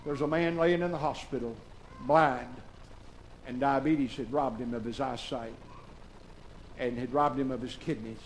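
A pastor, preaching a sermon. He swings from shouted, fervent preaching to soft, tearful confiding in a church. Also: medium pitch, steady tone, normal speed, pauses often, slight background noise, poor audio. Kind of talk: emotional sermon. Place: church sanctuary.

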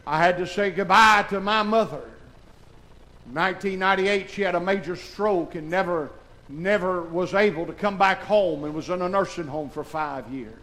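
Male pastor in his 60s, high, ringing voice, moves between shouted preaching and near-tearful confession. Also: moderate pace, poor audio. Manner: swings from shouted preaching to soft, tearful confiding. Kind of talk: emotional sermon. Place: church sanctuary.

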